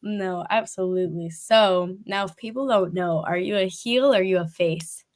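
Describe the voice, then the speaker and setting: A woman's voice: medium pitch, normal speed, darkish tone. A woman hosting a casual interview, chatty and enthusiastic, laughing often. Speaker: podcast host.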